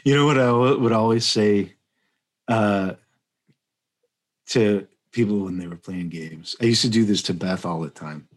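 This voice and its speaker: Husky man with dry teasing humor. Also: on the low side, measured pace, long pauses. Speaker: podcast co-host. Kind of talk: casual chat.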